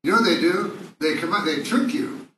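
Rambling comedian on a roomy bootleg. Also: male voice, on the high side, a little fast, bright, forceful tone, a little hiss or hum. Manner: rambling, profane, loose storytelling. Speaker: stand-up comedian. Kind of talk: stand-up comedy set. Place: comedy club stage. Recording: echoey bootleg audience recording from far off. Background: laughing crowd.

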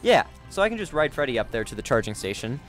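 A man giving let's play commentary, jumpy and excitable, gasping and yelping at scares. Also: mid-range voice, fast talker, soft background music. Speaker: gaming YouTuber.

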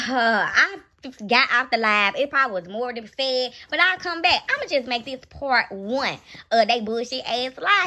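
A woman's voice: on the high side, lively intonation, normal speed, sharp tone. A young woman ranting bluntly and profanely in a raw live reaction vlog, mocking and scolding. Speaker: reaction vlogger.

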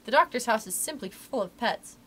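A woman's voice: fairly high pitch, expressive, brisk, fairly bright tone, slight background noise. A woman reading aloud, voicing a chatty, folksy male cat's-meat seller who talks in a rustic way. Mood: plain. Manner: folksy rustic talk, dropped letters. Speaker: library story reader.

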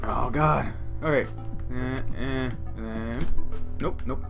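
A woman hosting a let's play, loudly swearing and shouting at the game in excitable outbursts. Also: extremely low pitch, takes it slowly, creaky, music in the background. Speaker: gaming channel host.

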